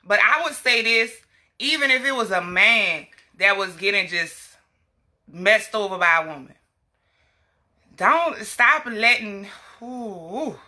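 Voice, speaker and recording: A woman's voice: mid-range voice, lively intonation, a little slow, pushed and bright. A young woman talking on a casual livestream, preaching self-worth to women with emphatic, fired-up delivery and scolding asides to her little girl. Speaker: health advocate vlogger.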